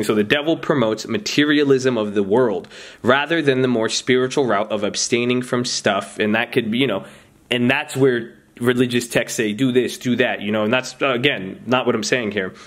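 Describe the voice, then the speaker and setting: Host, male, mid-range voice: loose motivational talk to viewers, rambling, restarts sentences, addresses them as you guys. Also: mid-range voice. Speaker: trading channel host.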